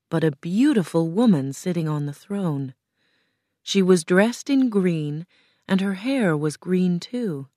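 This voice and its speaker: A woman narrating a children's storybook in a calm, clear, measured way. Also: on the low side, no room sound, studio quality. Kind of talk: storybook reading.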